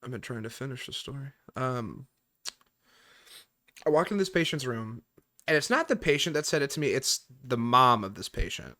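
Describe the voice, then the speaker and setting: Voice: mid-range voice, moderate pace. A podcast host chatting casually and telling work stories, swearing freely and acting out the people in them. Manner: animated storyteller, swears freely, voices people in the story. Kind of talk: casual podcast chat and storytelling. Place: room at home on a voice chat.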